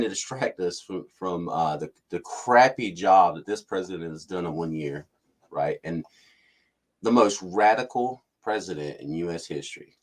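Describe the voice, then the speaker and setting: Ranting man, low voice. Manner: ranting, mocks officials in put-on voices. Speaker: commentary channel host. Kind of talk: casual political commentary.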